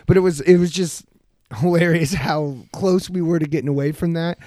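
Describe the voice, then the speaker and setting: A man hosts a casual podcast chat, spinning a rowdy story packed with swearing. He acts out what others said as he goes. His voice sits a bit high, and the sound is dry and close. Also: moderate pace, no echo. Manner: swearing, animated storyteller acting out quotes. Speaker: podcast host.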